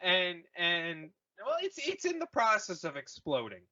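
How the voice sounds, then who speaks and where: A man hosting a podcast, rambling through a jokey recap of a movie and slipping into quick silly voices. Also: high voice, huge pitch swings, lo-fi sound, a crowd in the background. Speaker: podcast host retelling a movie. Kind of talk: casual comedic recap.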